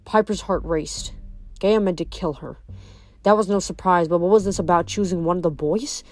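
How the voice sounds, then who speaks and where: A woman's voice: fairly low pitch, normal speed, a little mellow, dry recording. A young woman reading a novel aloud, then chatting casually about it with fillers. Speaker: reader.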